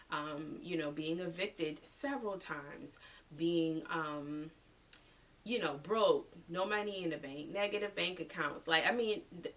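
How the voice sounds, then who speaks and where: A woman's voice: lowish voice, a bit bright, distant mic. A woman in her thirties hosting a motivational podcast, talking casually and slangily to her listeners as y'all. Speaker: podcast host.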